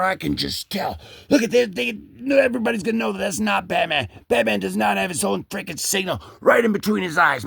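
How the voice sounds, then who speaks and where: A man hosting a comic book video, rambling excitedly over the pages and slipping into goofy character voices. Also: high voice, gravelly, husky, dry recording, studio quality. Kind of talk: excited comic page commentary.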